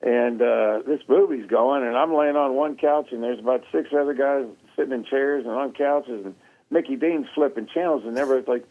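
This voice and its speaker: A man telling a funny story in a casual chat, animated and laughing often, acting out the quotes. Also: medium pitch, brisk, narrow, tinny audio. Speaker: guest.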